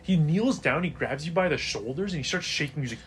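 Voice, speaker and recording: A man's voice: fairly high pitch, lively intonation, fast, few pauses, fairly bright tone, husky. A man narrating as game master of a tabletop role-playing game, casual, with many fillers.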